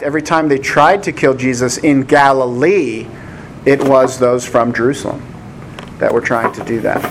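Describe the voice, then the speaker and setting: A man's voice: mid-range voice, slight background noise. An American man giving a casual Bible teaching, chatty and rambling, with frequent laughs. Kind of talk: casual sermon with anecdotes.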